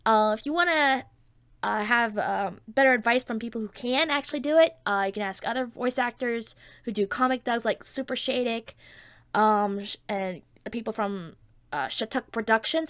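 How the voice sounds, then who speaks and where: Woman, stuffy nose, chatty, excitable, bright tone, fairly high pitch. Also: dry recording, clean studio sound. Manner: chatty and excitable, many fillers and restarts. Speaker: channel host. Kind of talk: casual Q&A vlog.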